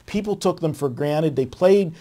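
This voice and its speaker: A man's voice: on the high side, normal speed, dark tone. A man, a guest sports handicapper, talking through his reasoning at length in a conversational way. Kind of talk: sports betting debate.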